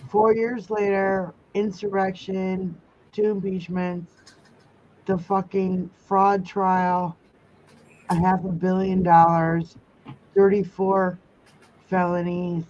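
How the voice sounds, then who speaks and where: A woman's voice: medium pitch, flat delivery, slow, darkish tone, highs cut off, a little hiss or hum. A woman hosting a casual livestream, ranting angrily with heavy swearing while reading viewer comments. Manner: angry, heavy swearing rant.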